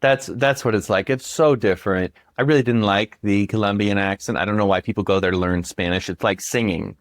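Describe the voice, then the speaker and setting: A man with a low, dry, close-miked voice chats casually as a podcast co-host. He gets animated and shoots up in pitch when a story excites him. He swears freely. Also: brisk, no room sound. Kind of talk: casual chat.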